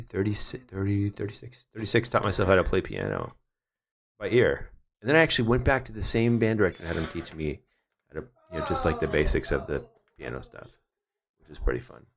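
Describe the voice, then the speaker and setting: Deep-voiced man chatting while he edits. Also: gravelly, a bit bright. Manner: rambling, joking asides. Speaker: photographer doing a livestream. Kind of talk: casual chat while working.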